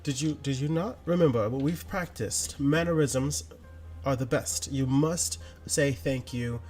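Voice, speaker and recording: A man's voice: mid-range voice, unhurried, a little mellow, faint music behind, close to an everyday voice. A man voicing a prim, firm female orphanage caretaker in a tabletop game. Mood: scolding. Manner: prim and correcting.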